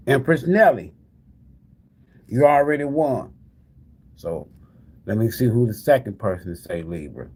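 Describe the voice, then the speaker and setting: A man with a low, mellow voice, marked by vocal fry and a breathy edge, hosts a casual tarot live stream with prize giveaways. He calls his viewers "y'all" and keeps repeating the same calls to them.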